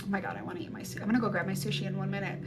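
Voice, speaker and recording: A woman's voice: mid-range voice, steady tone, racing. A woman giving a casual psychic reading on a live stream through a phone mic, rambling and blunt, swearing freely. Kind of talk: casual spiritual reading chat. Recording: music playing behind the voice. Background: music.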